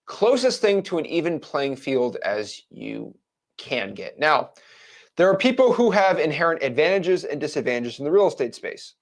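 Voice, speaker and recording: A man in his twenties giving a blunt, frank motivational talk to camera as a real estate wholesaling coach. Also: a little high. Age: 20s.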